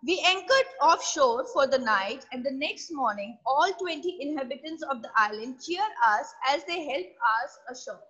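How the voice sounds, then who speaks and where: A woman's voice: high-pitched, expressive, normal speed, few pauses, a bit bright, lo-fi sound. A woman teacher explaining a textbook chapter to her class line by line, repeating and paraphrasing often. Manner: repetitive, paraphrasing each line, frequent "okay".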